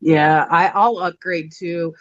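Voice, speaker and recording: A woman's voice: lowish voice, steady tone, slow, fairly bright tone, slight background noise. A woman hosting a casual live chat, talking in a loose, chatty way full of fillers as she reads out viewer questions. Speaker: host. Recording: dull lo-fi call line with glitches.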